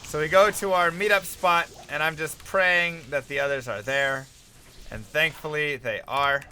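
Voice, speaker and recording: Bright, sharp-toned male streamer. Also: on the high side, measured pace, a little hiss or hum. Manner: animated, rambling, self-mocking. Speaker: game streamer. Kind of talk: casual storytelling while gaming.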